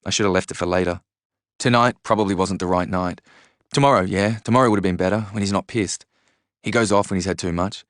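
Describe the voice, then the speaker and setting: Hesitant, upset young woman, read by a man in a deep, smooth voice. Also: steady tone, dry recording, studio quality, lightly acted. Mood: anxious. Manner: hesitant, halting with fillers.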